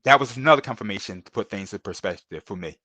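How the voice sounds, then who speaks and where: A man's voice: on the low side, lively intonation, fast talker, sharp tone, no room sound. A middle-aged man, a podcast guest, telling earnest and emotional stories in a casual interview, often repeating himself and calling the host bro.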